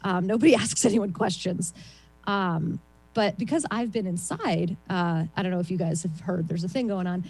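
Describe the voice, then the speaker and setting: A woman's voice: normal speed, gravelly, darkish tone, rough recording. Rambling woman doing stand-up over a call. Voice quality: self-described shrill voice. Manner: rambling, self-deprecating, frequent ums. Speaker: stand-up comedian. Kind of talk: stand-up set on a video call. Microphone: video call.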